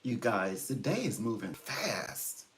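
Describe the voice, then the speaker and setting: A man's voice: lowish voice, big pitch swings, takes it slowly, fairly bright tone. A man working as a psychic reader, chatting casually on a livestream in a rambling way and chuckling often.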